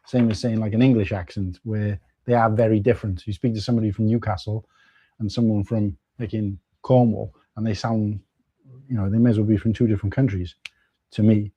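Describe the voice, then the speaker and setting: A man's voice: on the low side, level tone, fairly quick, mellow, slightly rough, muffled recording. A man co-hosting a casual livestream, telling stories in a rambling, chatty way with restarts and swearing. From Wales. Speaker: stream co-host. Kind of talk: casual chat while building.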